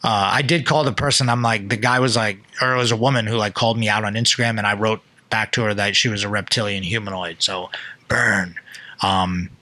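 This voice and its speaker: Young male podcast host, bright tone, dry sound, loose and excitable storyteller who drops in quick impressions. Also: on the low side, no echo. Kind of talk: casual storytelling chat.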